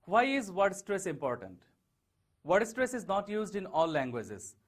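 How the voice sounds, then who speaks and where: A man walks a class through syllables and word stress. His voice sits high and swings widely in pitch. He slows down and leans on each example word. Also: big pitch swings. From Bangladesh. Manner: slow, stressing key words one at a time. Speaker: teacher. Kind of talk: online English lesson over slides.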